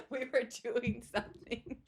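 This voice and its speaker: A woman's voice: a little high, slow, slightly rough. A woman co-hosting a casual podcast chat who laughs often and pokes fun at herself. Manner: laughs often, playful and self-mocking. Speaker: podcast co-host.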